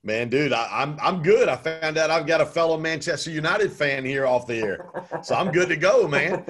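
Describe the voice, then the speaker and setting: A man's voice: fairly high pitch, normal speed, a bit bright, soft background music. A man talking as an interview guest about his business coaching, chatty and full of ums. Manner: talkative, frequent ums. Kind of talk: conversational interview.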